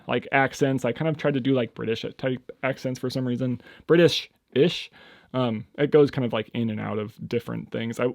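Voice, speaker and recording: A young man talks through a casual solo podcast with a medium-pitched voice in a dry, close recording. He rambles and hesitates, restarting his sentences often. Now and then he jumps into sudden high, excited bursts. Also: no room sound. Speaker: podcast host.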